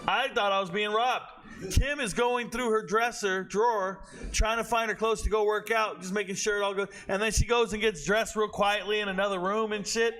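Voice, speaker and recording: A young man streaming a football watch party, telling animated stories to his chat and swearing freely. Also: high voice, moderate pace, soft background music. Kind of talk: casual chat.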